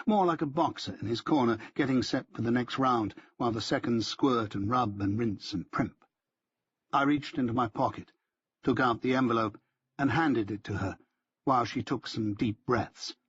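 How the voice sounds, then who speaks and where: A man's voice: medium pitch, normal speed, husky, no echo, highs cut off. A man narrating a novel in the first person, dry and understated, giving the other characters small voices of their own. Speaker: audiobook narrator.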